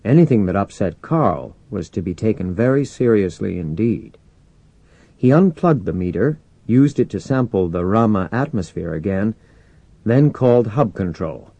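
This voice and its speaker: A man reading an audiobook as narrator in a measured, expressive way. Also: fairly low pitch, gravelly, no room sound. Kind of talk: scripted narration.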